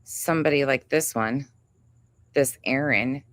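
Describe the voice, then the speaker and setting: A woman's voice: very deep voice, a little slow, a bit bright, no echo. A woman hosting a livestream, ranting angrily and with heavy profanity, calling out another creator and reading chat names aloud. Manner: angry, profane, confrontational. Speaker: livestream host. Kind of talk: heated livestream rant.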